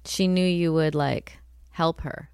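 A woman co-hosting a podcast, chatting and reacting quickly to a story. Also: low voice, steady tone, gravelly, darkish tone, smooth, dry recording, studio quality. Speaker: podcast co-host. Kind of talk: casual chat.

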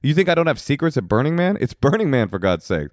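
A man's voice: mid-range voice, quick pace, no room sound, clean studio sound. A middle-aged man co-hosting a podcast, telling stories with lots of swearing and acted-out voices. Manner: animated storyteller, acts out voices, swears a lot. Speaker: podcast co-host. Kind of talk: casual chat.

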